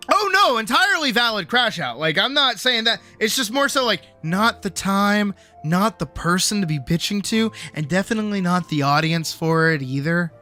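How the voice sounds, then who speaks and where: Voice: mid-range voice, sing-song, moderate pace, pushed and bright, soft background music. A young adult streamer telling a work story in casual chat, swearing freely and acting out quoted voices.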